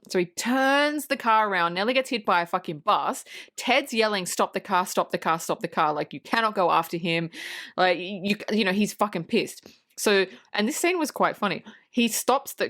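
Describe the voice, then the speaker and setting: Woman podcast cohost, swears a lot, laughs, acts out the movie scenes, normal mid voice. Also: mid-range voice. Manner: swears freely, laughs often; animated storytelling with acted quotes. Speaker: podcast co-host. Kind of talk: casual film review chat.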